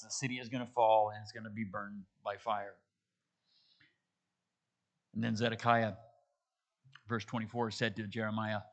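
A man's voice: fairly low pitch, flat delivery, moderate pace, long pauses, sharp tone. A man preaching a sermon, reading scripture and retelling it in casual everyday dialogue, with frequent restarts. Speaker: pastor. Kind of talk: sermon, expository Bible teaching.

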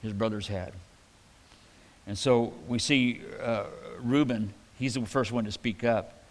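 A man preaching a sermon in a relaxed, conversational way, reading scripture aloud and adding casual asides. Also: mid-range voice, a little slow. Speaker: pastor. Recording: hall reverb.

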